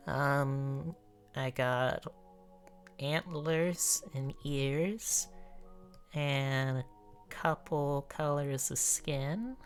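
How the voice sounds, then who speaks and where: A woman streaming as she draws, sleepy and yawning, chatting loosely and breaking into clumsy joking freestyle raps. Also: a bass voice. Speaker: streamer drawing live.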